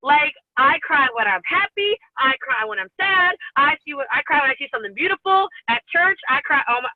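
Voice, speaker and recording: A woman's voice: high-pitched, expressive, fast talker, no echo. Chatty woman team leader, rambling motivational talk, teary and sniffly, tinny phone-like sound, very dry. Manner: chatty, rambling, laughs often. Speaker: network marketing team leader.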